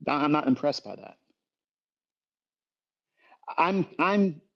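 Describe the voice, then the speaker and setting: A middle-aged man with a mid-range voice rants passionately about trading on a livestream, blunt and emphatic, swearing constantly and repeating himself for force. The recording's high frequencies are cut off.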